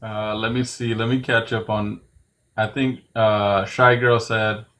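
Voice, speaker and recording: Low-voiced male co-host, offhand. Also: flat delivery, bright, forceful tone. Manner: quick, offhand, hesitant fillers. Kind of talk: casual live-stream chat.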